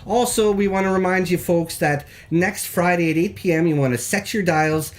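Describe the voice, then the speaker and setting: A man hosting a live call-in show, reading mock local news in a rambling, deadpan, jokey way that stumbles over words. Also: high voice, moderate pace.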